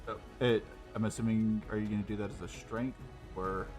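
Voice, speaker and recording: A man with a fairly low voice, casually talking through his character's moves at a tabletop game. He speaks relaxed and plain, with faint music behind. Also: a little fast. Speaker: player.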